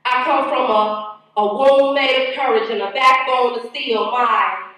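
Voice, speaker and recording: A woman with a nasal, fairly high voice performs spoken word poetry. She sounds distant from the mic, and a big echoing room carries her lines. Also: fairly even intonation, measured pace, sharp tone. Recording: echoey hall, mic heard from far.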